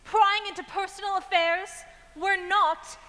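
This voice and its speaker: Woman acting as a frosty uptight young librarian, high bright voice, reverby stage. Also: fairly even intonation, measured pace, noisy background. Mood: cold. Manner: curt, icy, disapproving. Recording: stage with long hall reverb.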